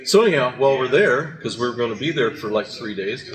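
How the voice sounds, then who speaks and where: A man's voice: mid-range voice, expressive, fairly quick, low-quality recording. An older man hosting a casual breakfast chat, telling meandering stories full of fillers and restarts in a restaurant. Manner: rambling storyteller with many fillers and restarts. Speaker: podcast host. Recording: background music.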